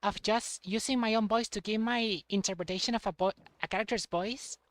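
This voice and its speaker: Halting young man chatting on stream. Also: sits high, steady tone, fairly bright tone, dry recording. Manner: halting, repeats words, laughs often. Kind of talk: casual chat while playing a game.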